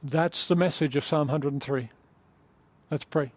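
A man's voice: a little high, steady tone, unhurried. A man preaching an earnest sermon on a psalm and leading a closing prayer, emphatic and teacherly, often restarting phrases.

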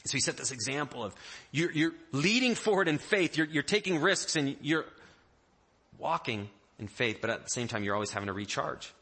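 A man preaching a sermon in a conversational, animated way, acting out the story with quoted voices. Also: medium pitch, a little fast, husky. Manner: animated, acts out the disciples' panic in quoted voices; conversational, with restarts and small jokes. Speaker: pastor.

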